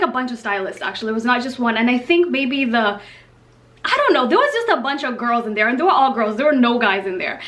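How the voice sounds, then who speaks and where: A young woman telling a story in a casual, animated, slang-filled vlog. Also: high-pitched. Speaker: vlogger.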